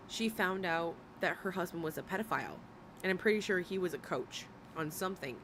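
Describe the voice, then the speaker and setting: A woman's voice: lowish voice, background noise. A woman streamer in casual commentary, worn out from hours of talking, rambling and breaking off with giggles. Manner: rambling, self-interrupting, giggly. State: tired from long talking.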